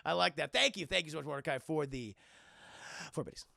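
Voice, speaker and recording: A man streaming a casual, profane film recap, rambling and acting out scenes in quick voices. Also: on the high side, vocal fry, pushed and bright, no echo.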